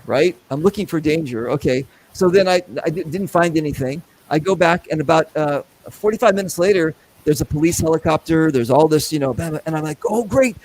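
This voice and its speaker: A middle-aged man hosting a casual show, telling a long story with lots of acted-out voices and quick asides. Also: a little high, poor audio. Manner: animated, acts out voices in anecdotes. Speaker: podcast host.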